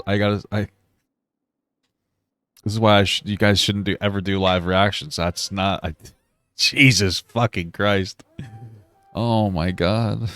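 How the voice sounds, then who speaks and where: A man's voice: deep voice, fairly bright tone, no echo. A man reacting live on a stream, laughing often and exclaiming in disbelief as he comments.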